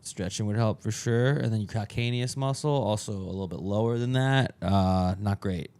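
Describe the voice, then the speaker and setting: A man's voice: on the low side, moderate pace, a little mellow, clean tone. A young man co-hosting a casual podcast, joking around and reading out the show's plugs. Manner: joking, riffs on silly voices, reads show plugs. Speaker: podcast co-host. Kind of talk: casual chat.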